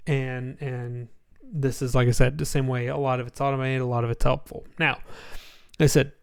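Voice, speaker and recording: A man giving a casual screen-share walkthrough of a spreadsheet template, sleepy and yawning, relaxed and rambling with many ums. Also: medium pitch, moderate pace, gravelly, clear, resonant tone.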